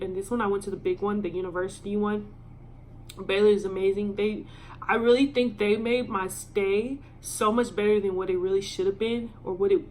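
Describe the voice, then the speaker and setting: A young woman telling an emotional personal story in a vlog, with lots of ums and pauses. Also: mid-range voice, darkish tone, a little hiss or hum. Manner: halting and filler-heavy, emotional. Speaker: vlogger.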